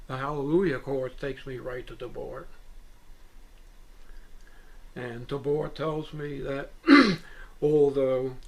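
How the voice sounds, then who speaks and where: A man with a somewhat high voice talks in an interview. He tells his account in an earnest, wandering way, often breaking off and restarting. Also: low-quality recording. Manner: earnest, meandering, hesitant restarts. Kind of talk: rambling first-person account. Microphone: VHS interview recording.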